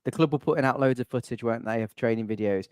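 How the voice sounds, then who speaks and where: A young man hosts a casual fan podcast, chatting in a loose, wry way and wandering off into asides. His pitch sits in the middle range. The voice is close and dry, with no room echo. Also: racing, darkish tone, smooth. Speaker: channel admin and host.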